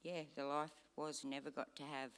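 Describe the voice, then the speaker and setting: An Australian man giving a solemn, measured funeral eulogy in a church. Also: on the high side, little pitch movement, fairly bright tone, smooth, big-room sound. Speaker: eulogy speaker.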